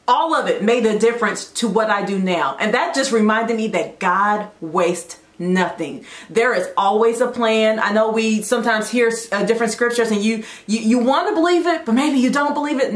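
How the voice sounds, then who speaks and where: Upbeat encouraging woman in a roomy space. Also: fairly high pitch. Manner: upbeat and encouraging, chatty with side notes. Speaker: host of a faith talk show. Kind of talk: casual devotional talk.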